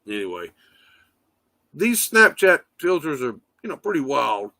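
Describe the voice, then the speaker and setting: A man talking on a livestream from his phone, rambling and swearing with plenty of fillers. His gravelly voice swings widely in pitch, sitting a little high for a man. The sound is close and dry, with no room around it. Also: sing-song, a little slow, pushed and bright, no room sound. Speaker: livestream host. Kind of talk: casual rambling livestream talk.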